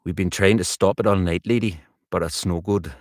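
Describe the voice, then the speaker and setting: A man voicing a rough-voiced old woman working as a midwife, who talks bluntly. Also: low-pitched, steady tone, fairly quick, dry recording, clean studio sound. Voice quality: rough, coarse. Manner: blunt, plain-spoken.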